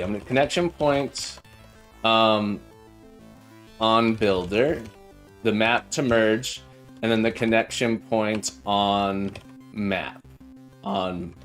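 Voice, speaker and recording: A man's voice: mid-range voice, fairly bright tone. Friendly man thinking aloud while coding. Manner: halting, full of fillers and restarts; friendly, chatty with viewers. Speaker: live coding streamer.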